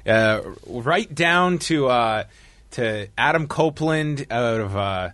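A friendly man hosting a casual conversation, chiming in with quick remarks. His voice is mid-pitched and recorded dry, close to the mic. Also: animated, fairly bright tone, dry recording. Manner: friendly, chatty, interjecting. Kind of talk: casual chat.

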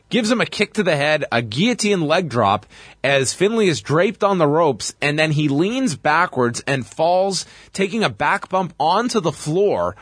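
A man co-hosting a casual chat show, recapping wrestling matches play by play in an animated way. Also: on the high side, no echo. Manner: lively, animated storytelling. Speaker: podcast co-host recapping wrestling.

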